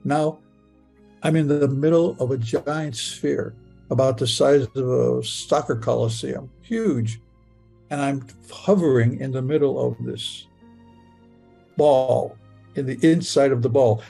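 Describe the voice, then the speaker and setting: A man's voice: mid-range voice, fairly even intonation, unhurried, gravelly, dark tone, breathy edge, faint music behind. An older man telling a personal story in the present tense, stammering and repeating words as he goes. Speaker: near-death experience storyteller.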